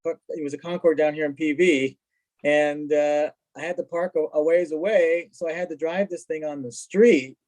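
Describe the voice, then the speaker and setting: A man telling stories in a casual chat as a guest, lively, acting out what people said. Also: on the high side, normal speed, rough recording. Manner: animated, acts out quoted dialogue. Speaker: guest, car collector. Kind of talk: casual storytelling.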